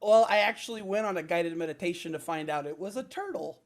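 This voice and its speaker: A man's voice: high voice, quick pace. A male comedian guest chatting casually and rambling through a self-deprecating story. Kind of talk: casual chat.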